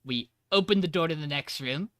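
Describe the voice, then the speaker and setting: A man's voice: fairly high pitch, a little fast, fairly bright tone, no room sound, studio quality. A man co-hosting a podcast, casually retelling a tabletop game session and acting out quoted lines. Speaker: podcast co-host. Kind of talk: casual storytelling recap.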